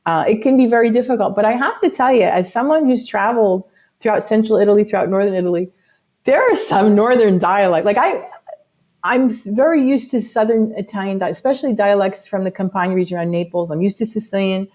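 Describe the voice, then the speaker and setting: A woman's voice: mid-range voice, fast, a little mellow. A woman, a musician guest chatting on a podcast and explaining things at length with lots of asides. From United States. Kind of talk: casual podcast interview.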